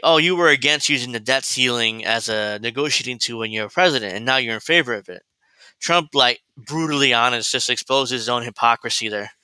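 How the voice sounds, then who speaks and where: Blunt, profane man with a bright voice. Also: mid-range voice, clean tone, no echo, rough recording. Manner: mocking, laughs at his own points. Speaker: commentary show host. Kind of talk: political commentary livestream.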